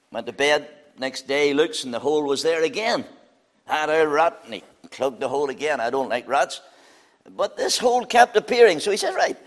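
A middle-aged man delivers an evangelistic sermon. His voice sits fairly high and swings between loud, urgent appeals and hushed low lines. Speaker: preacher.

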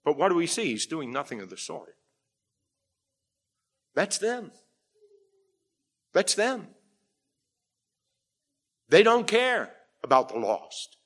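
Middle-aged male pastor, slightly high voice, emphatic sermon delivery with frequent rhetorical check-ins. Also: big pitch swings, normal speed, fairly bright tone.

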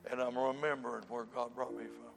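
A man voicing a humble, crippled old grandfather who softly and tearfully recalls where he came from. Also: mid-range voice, little pitch movement, brisk, vocal fry, in a large hall, soft background music, pitched below the performer's own voice, lightly acted. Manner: soft and tearful.

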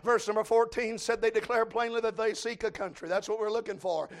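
A middle-aged man preaching a revival sermon, shouting with cries of praise. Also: high-pitched, level tone, brisk.

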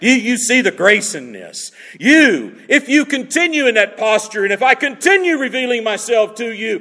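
A man preaching a sermon, swinging between loud emphatic lines and hushed asides. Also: extremely high pitch, big pitch swings, moderate pace, few pauses, in a large hall.

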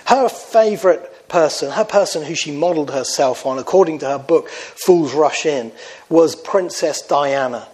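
A man's voice: on the high side, moderate pace, darkish tone. Earnest preacher, man. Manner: earnest, asks the congregation questions. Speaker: pastor. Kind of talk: sermon.

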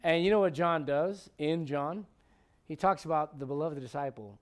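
Male pastor, high-pitched, conversational sermon delivery, quizzes the congregation, punches key lines. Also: animated, brisk. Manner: conversational, emphatic, asks the congregation questions. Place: church sanctuary.

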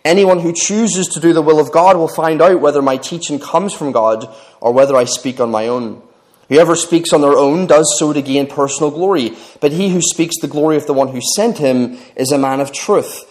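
A man voicing Jesus as a calm, earnest male teacher while reading scripture aloud, in a measured way. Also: fairly high pitch, close to an everyday voice.

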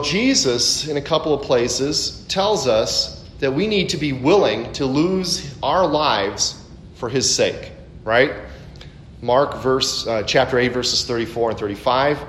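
A man preaching a conversational expository sermon, full of asides and rhetorical questions. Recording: echoey room, faint background rumble.

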